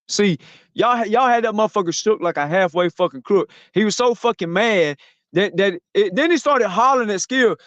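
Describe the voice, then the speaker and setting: A high-pitched man hosts a podcast in a heated, profane, mocking rant. His voice is dry and close, with a dull, lo-fi sound. He talks in bursts and repeats himself. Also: no room sound. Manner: loud, profane, mocking, repetitive. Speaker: podcast host. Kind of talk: heated podcast sports talk.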